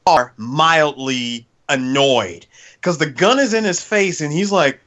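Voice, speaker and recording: A man co-hosting a casual movie review podcast, retelling scenes expressively and repeating phrases as he goes. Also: a little high. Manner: expressive storyteller, repeats phrases, speeds up and slows down. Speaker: podcast co-host.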